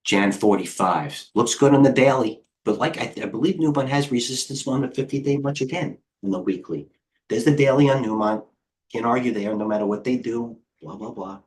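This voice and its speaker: A middle-aged American man hosting a live trading stream, excitable and rambling, jumping between stocks with quick quips. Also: medium pitch. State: out of breath. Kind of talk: live market commentary.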